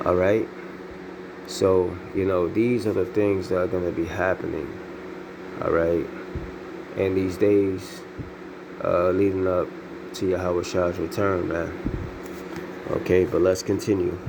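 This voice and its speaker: A man's voice: low-pitched, little pitch movement, a little slow, long pauses, background noise. A man reading scripture aloud and preaching on it, filling his talk with repeated "man, all right?" tags. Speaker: bible teacher.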